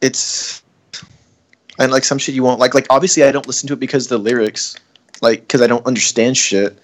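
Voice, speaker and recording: A man's voice: medium pitch, flat delivery, brisk. A young man chatting casually with friends, rambling with lots of filler words and swearing. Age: young adult. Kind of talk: casual podcast chat among friends.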